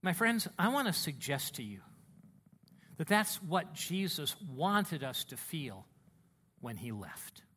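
A man preaching a sermon as a pastor, telling stories with animated swings between hushed and loud delivery. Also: a little high, takes it slowly, breathy edge.

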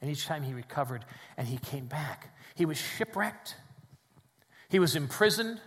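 A man's voice: on the high side, animated, normal speed. Preaching man in a reverberant church. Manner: dynamic preaching, swings between loud emphasis and quiet drops. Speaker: pastor. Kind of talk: sermon. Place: church sanctuary with congregation.

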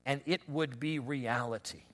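A man preaching a conversational sermon, telling stories with lots of restarts and animated asides. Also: medium pitch, unhurried. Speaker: pastor.

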